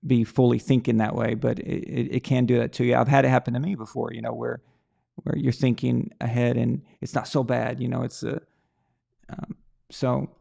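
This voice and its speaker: A man hosts a casual live sports talk stream, thinking aloud in a rambling way full of restarts and repeated words. His voice is mid-range, a little mellow, with vocal fry.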